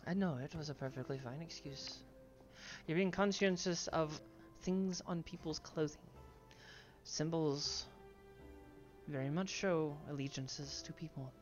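A woman voicing a guarded, secretive man met in a tavern, speaking in a measured, deliberate way. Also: deep voice, darkish tone, lo-fi sound, soft background music.

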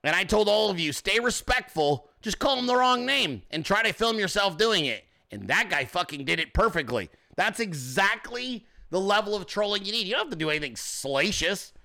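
A man's voice: high-pitched, big pitch swings, normal speed, creaky, few pauses, pushed and bright. A man hosting a ranting commentary show, profane and mocking, with a sarcastic edge. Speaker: host.

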